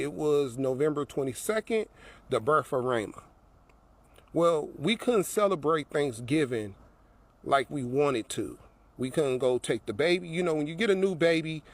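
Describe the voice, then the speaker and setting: A man telling a personal story in a rambling way, repeating his phrases, recorded outdoors by an apartment building. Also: a little high. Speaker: vlogger.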